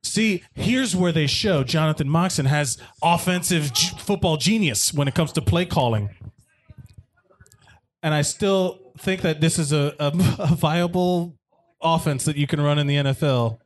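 A man's voice: on the high side, unhurried. A man hosting a casual movie commentary podcast, joking and swearing as he rambles with restarts. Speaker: podcast host.

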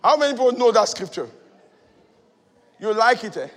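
A male preacher giving a sermon, moving between loud shouted exhortation and quiet teaching. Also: extremely high pitch, lively intonation, normal speed. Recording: long hall reverb.

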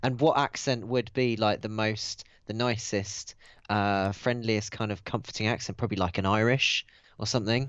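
A man's voice: lowish voice, fairly even intonation, normal speed, fairly bright tone, smooth, dry recording. A man playing a tabletop game, chatting in a playful, musing way. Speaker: player. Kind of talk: casual chat. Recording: dull, dry recording.

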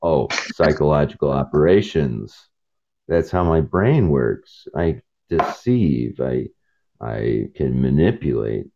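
Very deep-voiced rambling man. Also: animated, takes it slowly, creaky, warm tone, slight background noise. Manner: jumps between topics and acts out quoted voices. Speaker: podcast host. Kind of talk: rambling casual storytelling. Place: truck cab while driving. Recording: dull lo-fi sound.

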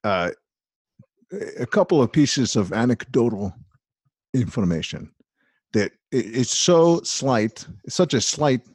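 A man's voice: medium pitch, animated, slow, long pauses, a little mellow, no echo, clean studio sound. A man putting on a crude, boastful aging male film star, rambling through profane rants. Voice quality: gravelly, husky. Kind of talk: comedic impression in a podcast chat.

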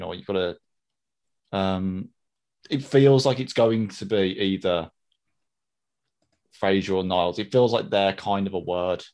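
A man's voice: deep voice, fairly even intonation, a little slow, long pauses, darkish tone. A man co-hosting a casual podcast, chatty and hesitant, often laughing at himself. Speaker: podcast co-host.

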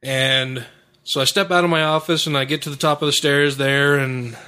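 Bright-toned male host from Utah, swears freely in loose casual chat. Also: mid-range voice, steady tone, normal speed, clean tone. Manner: profane storytelling. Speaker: podcast host. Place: home studio.

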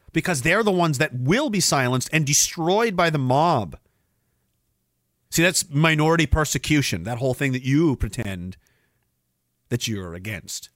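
Guy ranting on his stream, swears a ton, bright voice, bounces all over. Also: mid-range voice, no echo, studio quality. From Canada. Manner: animated, sarcastic, swears a lot, laughs often. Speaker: livestream podcast host. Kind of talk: profane ranting chat with viewers.

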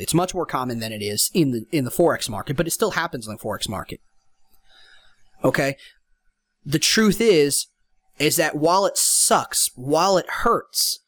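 A young man hosts a solo podcast and gives casual advice in an easygoing, informal way. He comes back to the same points again and again. His voice sits somewhat high and sounds dry and close, with no room echo. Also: fairly bright tone. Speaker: podcast host.

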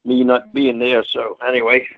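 A man's voice: medium pitch, completely flat delivery, moderate pace, dry recording, narrow, tinny audio. Folksy older man telling wrestling stories. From Scotland. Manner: folksy, rambling storyteller who does voices in his anecdotes. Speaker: retired pro wrestler guest. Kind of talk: casual storytelling interview.

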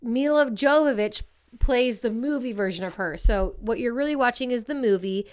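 A woman in her thirties telling a story in casual chat, animated and profane, acting out the voices of people she quotes. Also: fairly high pitch, normal speed, clean tone.

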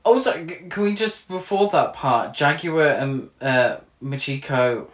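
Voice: medium pitch, animated, measured pace. A podcast co-host in a casual film recap chat, given to wry, sarcastic asides. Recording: echoey room.

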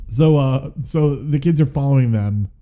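A man's voice: mid-range voice, moderate pace. A man co-hosting a podcast, chatting casually and jokily about a movie he watched. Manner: animated, jokey, mimics people in quotes. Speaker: podcast co-host. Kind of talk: casual movie recap chat.

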